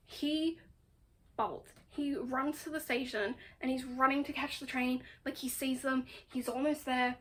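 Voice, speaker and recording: Woman, high voice, casual chatty book recap, dramatic and exasperated. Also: steady tone, a little slow, a bit bright. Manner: chatty, full of "like". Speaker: book vlogger.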